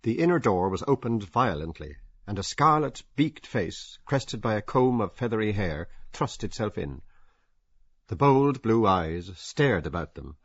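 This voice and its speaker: Deep husky man narrating an audiobook. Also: very animated, a little slow, no room sound. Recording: dull, dry lo-fi audio.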